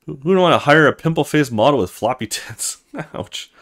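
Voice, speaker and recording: A man voicing a vain young woman in a video game, speaking in a shrill, disbelieving way. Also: expressive, moderate pace, a bit bright. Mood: shocked.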